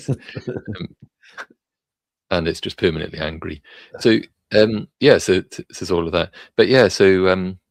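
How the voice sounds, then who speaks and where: Gravelly low-voiced Welsh-born man. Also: a little slow, pauses often, dry recording. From Wales. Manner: hesitant, self-deprecating, frequent restarts. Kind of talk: casual livestream chat.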